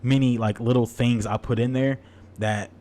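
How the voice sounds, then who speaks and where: A man hosting a podcast, chatting casually and then reading his own poem aloud, halting and earnest with many restarts. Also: medium pitch, fairly even intonation, mellow. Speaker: podcast host.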